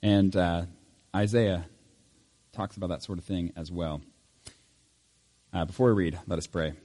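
A man serving as pastor, leading a church service with prayer and scripture reading, reading in a measured way and lifting his voice on key lines. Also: deep voice, fairly even intonation, warm tone, in a large hall. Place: church sanctuary.

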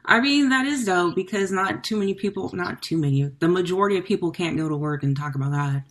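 A woman hosting a casual interview, relaxed and supportive, answering with short affirmations. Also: on the low side, fast.

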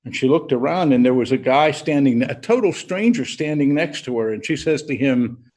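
A man preaching a sermon as an unhurried storyteller, pausing deliberately as he leads into his point. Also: mid-range voice, expressive, darkish tone. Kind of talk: sermon with a told joke.

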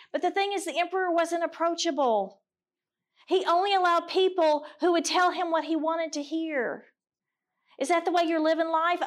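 A middle-aged woman giving a candid, earnest talk to a women's gathering, mixing personal stories with scripture readings. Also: high voice. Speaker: women's ministry speaker. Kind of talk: conversational sermon with scripture reading.

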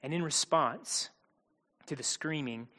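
Male pastor, high-pitched, conversational sermon delivery with wry asides; church hall reverb. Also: measured pace, bright, forceful tone. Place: church auditorium stage.

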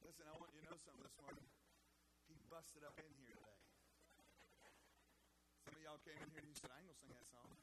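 High-pitched preacher thundering over noise. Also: male voice, fairly quick, pauses often. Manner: impassioned preaching, building to loud shouted peaks, repeating "listen"; folksy, talks straight to the congregation. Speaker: pastor. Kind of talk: sermon. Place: church. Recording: loud background noise and clicks.

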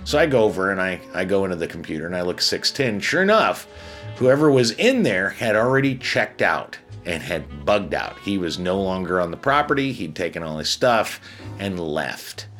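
A man's voice: low-pitched, sing-song, moderate pace, a bit bright, faint music behind. A man from Chicago, a casino hotel security manager, telling a story bluntly and profanely, with frequent restarts. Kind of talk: casual storytelling.

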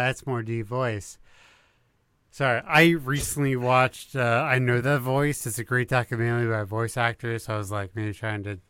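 A man co-hosting a casual podcast chat, breaking into laughs and trying quick impressions. His voice is smooth and resonant at a middle pitch. The recording is dry and close. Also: a bit bright, no room sound. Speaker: podcast co-host.

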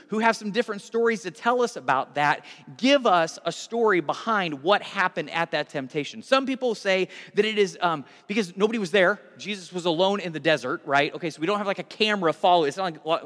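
A male pastor tells the story with animated energy and speaks directly to his congregation. His voice sits high for a man, and a long reverb hangs in the church hall. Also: a little fast, hardly any pauses. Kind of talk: sermon.

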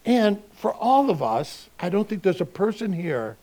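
A male pastor giving a sermon in a relaxed, conversational way, asking his listeners rhetorical questions. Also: high voice, measured pace, hardly any pauses.

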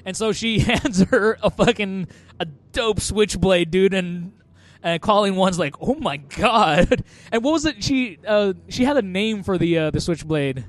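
A man's voice: high voice, expressive, moderate pace. A man on a podcast casually recapping a movie, rambling with lots of fillers and frequent laughter. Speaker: podcast co-host.

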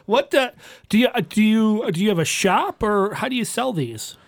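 High-voiced guy playing a tabletop game, bouncy and jokey, dry sound. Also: lively intonation, no room sound. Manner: playful, bantering, quick to laugh. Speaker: player. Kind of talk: tabletop game role-play.

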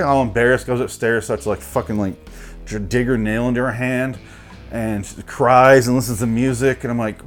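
A man's voice: mid-range voice, fairly quick, faint music behind. A man giving a crude, exasperated comedic rant about a movie, mocking it as he goes. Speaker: movie reviewer.

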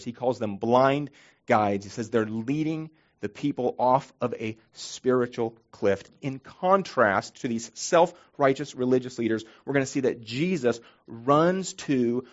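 A man's voice: medium pitch, darkish tone. Earnest preaching man, dull recording. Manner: earnest, emphatic preaching with frequent restarts. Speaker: pastor. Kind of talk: sermon.

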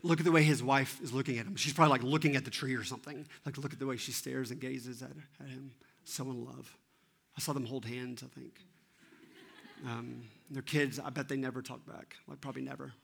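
A man in his thirties giving an animated, self-deprecating sermon and often asking the audience questions. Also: mid-range voice, brisk, gravelly, slightly rough. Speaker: teaching pastor.

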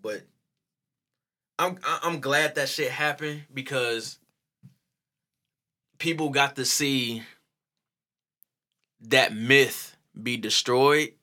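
A man with a very bright, forceful voice speaks, chatting casually as a co-host. He is animated and profane, laughing a lot and acting out what others say. His pitch sits in an ordinary middle range. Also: very slow, long pauses. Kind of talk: casual chat.

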